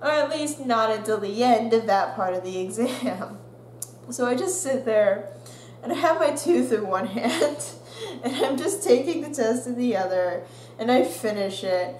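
A woman's voice: a little high, unhurried. Laughing young woman telling a story. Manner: animated, laughing, acting out quotes. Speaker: vlogger. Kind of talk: storytime vlog. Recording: roomy echo with faint hum.

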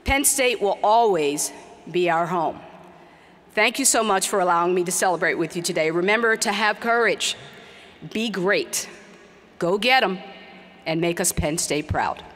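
A woman's voice: lowish voice, animated, fairly bright tone. A middle-aged woman giving an earnest, emphatic commencement speech. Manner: earnest, emphatic with slow, repeated exhortations. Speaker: commencement speaker. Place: large hall. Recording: long hall reverb.

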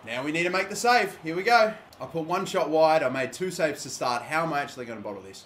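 Excitable Australian gamer man, higher voice. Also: fast, few pauses, a little hiss or hum. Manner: excitable, swears often, shouts at big moments. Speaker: gaming YouTuber. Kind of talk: live game commentary.

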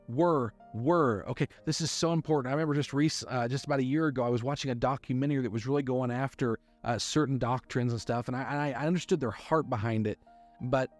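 Male pastor, mid-pitched, emphatic sermon delivery, leans on repeated words, faint music underneath. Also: darkish tone. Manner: emphatic, repeats key words, reads scripture aloud.

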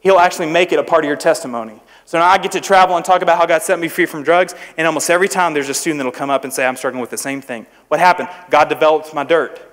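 A man's voice: a little high, steady tone, very fast, hardly any pauses, a bit bright. A young man preaching to students in a church, in a conversational, humorous manner, often asking the crowd questions. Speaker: youth preacher. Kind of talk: sermon to students. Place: church hall. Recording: echoey hall with long reverb.

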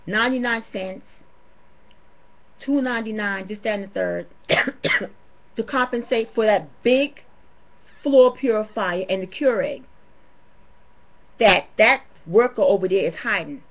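A woman's voice: a little high, animated, normal speed, pauses often. Indignant woman ranting. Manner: indignant, emphatic, repeats her points. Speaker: vlogger. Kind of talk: ranting to camera. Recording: dull lo-fi home video audio.

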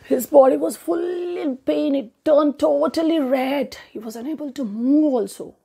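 A woman's voice: high voice, a little slow, gravelly, warm tone. A woman narrating a children's story expressively, adding spoken sound effects.

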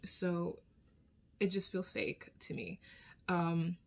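A woman delivers casual commentary in a somewhat low voice. She keeps it conversational and blunt, with the odd swear, and often pauses to check in with a questioning tag. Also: little pitch movement, vocal fry. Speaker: video commentator.

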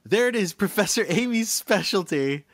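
Lively co-host retelling a plot. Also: mid-range voice, moderate pace, no echo. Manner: narrates the plot, laughs readily. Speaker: podcast co-host. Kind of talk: casual chat recapping a cartoon episode.

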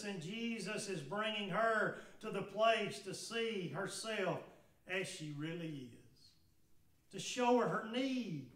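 A man with a Southern US accent preaching a sermon as pastor, building to fervent shouted peaks, recorded in a church sanctuary from a distance. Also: very high voice. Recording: echoey church from far off.

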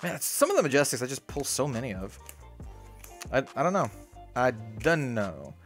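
A young man hosting a card-opening video in a small hot room, rambling and excitable, talking about being sweaty and needing to calm down. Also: medium pitch, moderate pace, faint music behind. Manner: excitable, rambling, lots of "dude" and "like". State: sweaty and worked up. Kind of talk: casual case-opening commentary.

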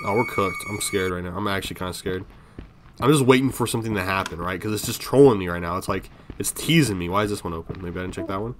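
A man's voice: low voice, quick pace, noisy background. A man giving casual commentary on a horror game, jumpy and swearing, talking to himself and his viewers. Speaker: gaming video creator.

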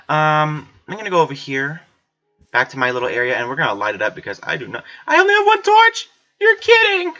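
With a bass voice and a sharp tone, this woman gamer chats to herself through let's play commentary, screaming and cursing whenever she's startled. The lo-fi recording sounds slightly dull.

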